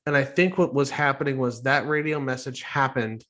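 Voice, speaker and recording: A podcast co-host with a medium-pitched, fairly bright voice rambles at a normal speed through a casual chat, filling it with lots of fillers and restarts.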